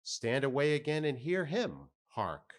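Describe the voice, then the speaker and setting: Man doing a chatty old-timey sailor thinking out loud, slow and drawly, lots of ups and downs. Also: medium pitch, huge pitch swings. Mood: musing. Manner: musing aloud, folksy asides. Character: jovial, folksy male sailor, middle-aged.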